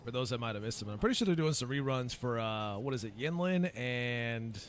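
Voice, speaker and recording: A man's voice: medium pitch, lively intonation, a little fast, slight background noise. A man commentating casually over his gameplay as a gaming YouTuber, rambling with lots of fillers. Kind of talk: let's-play commentary.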